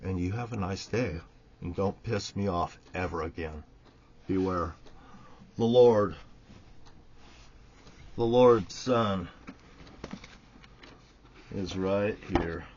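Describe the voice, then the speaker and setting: A man's voice: sits low, takes it slowly, pauses often, breathy edge. Profane, preachy man in a lo-fi recording. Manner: profane, preachy, swings loud and soft. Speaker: online ranter. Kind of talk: angry monologue. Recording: dull lo-fi recording.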